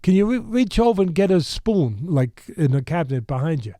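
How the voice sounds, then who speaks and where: A man's voice: fairly high pitch, very animated, brisk, mellow, dry recording, studio quality, voice pushed up. A man mimicking an exasperated middle-aged woman who is hosting a dinner.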